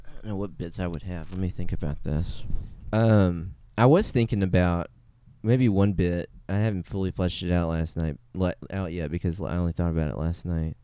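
A man's voice: sits low, normal speed, hardly any pauses, dark tone, clear, resonant tone, dry recording. A man hosting a casual podcast chat, rambling and laid-back, swearing casually, on a studio podcast microphone. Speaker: podcast host.

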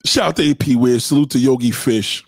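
A man's voice: mid-range voice, brisk, no room sound, studio quality. A man hosting a casual livestream, reading viewer comments and ranting bluntly with lots of profanity. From New York. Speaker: livestream host.

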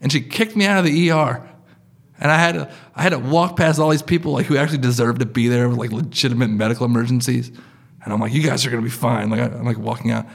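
Guy in his 30s or 40s telling a story on stage, super chatty, lots of "like", gravelly creaky voice. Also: medium pitch, fairly even intonation, quick pace. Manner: loose and conversational, full of "like" and "you know". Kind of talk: live personal storytelling.

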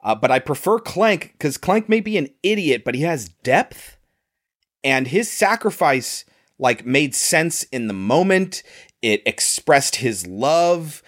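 A man's voice: on the high side, big pitch swings, slow pace, fairly bright tone. A man casually discussing a film, laughing often and comparing characters with firm opinions. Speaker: podcast co-host.

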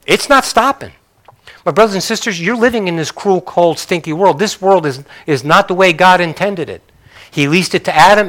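Older guy preaching, high bright voice, chatty, keeps asking the crowd stuff, goes loud then real quiet. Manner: conversational, questions the audience, swings between loud and soft. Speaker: pastor. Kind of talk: sermon.

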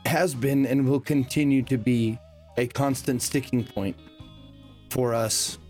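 A man in an in-character tabletop role-play, speaking in a polite, formal way. His pitch sits in the middle range, and faint music plays in the background. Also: fairly even intonation, takes it slowly, darkish tone. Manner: polite and formal, calling others sir. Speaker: tabletop player.

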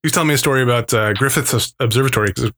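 A man's voice: mid-range voice, very fast, fairly bright tone. A man in casual chat, telling a rambling, swearing story full of tangents.

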